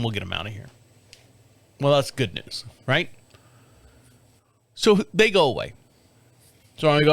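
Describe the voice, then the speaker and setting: Swearing and laughing often, a fifty-something podcast host shares a story in a relaxed, frank way. His voice is medium-pitched and slightly bright, captured in a dry recording.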